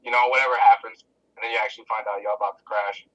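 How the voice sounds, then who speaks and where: A young man co-hosting a casual podcast, full of joking banter and quick laughs. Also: on the low side, steady tone, bright, forceful tone, distant mic, highs cut off. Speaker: podcast co-host. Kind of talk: casual chat.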